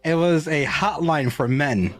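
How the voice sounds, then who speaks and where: A man's voice: on the high side, lively intonation, unhurried, a bit bright, no echo, faint music behind. A man co-hosting a casual podcast, animatedly retelling a funny clip. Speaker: podcast co-host. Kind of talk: casual chat.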